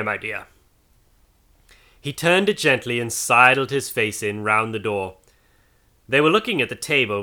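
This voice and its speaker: A man narrating a storybook in an expressive, animated reading. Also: mid-range voice.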